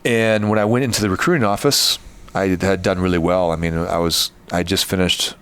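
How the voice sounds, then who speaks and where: A man's voice: low voice, fairly even intonation, brisk, a bit bright, clean tone. A man from Michigan, hosting a podcast, telling a personal story in an earnest, rambling way with frequent restarts. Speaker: podcast host. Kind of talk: casual storytelling chat.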